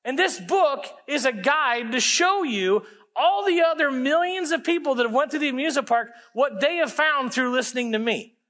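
A male pastor preaching a sermon, telling a story with lively acted-out dialogue and dropping low for emphasis. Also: moderate pace. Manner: animated, acts out dialogue, drops low for emphasis.

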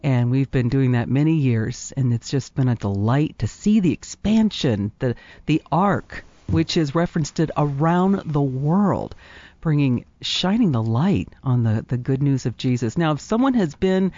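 A woman's voice: rumbling low, sing-song, a little slow, warm tone, no room sound, muffled recording. A woman hosting an interview show, chatty and enthusiastic as she introduces her guest. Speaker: host.

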